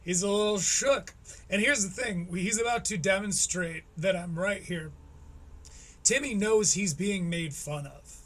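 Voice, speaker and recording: Male stream host, high voice, sarcastic play-by-play commentary with plenty of swearing. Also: fairly bright tone. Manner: sarcastic, profane, mocking. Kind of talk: live-stream commentary on a clip.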